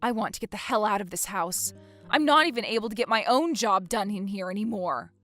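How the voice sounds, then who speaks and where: A woman's voice: medium pitch, a little fast, a bit bright, soft background music, lightly acted. A woman playing a fed-up, exasperated wife in a dramatized story, talking indignantly. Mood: frustrated.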